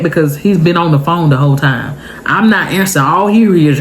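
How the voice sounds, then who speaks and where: A young woman vlogger telling a story to her viewers in a casual, animated and emotional way. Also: low-pitched, brisk, a little hiss or hum.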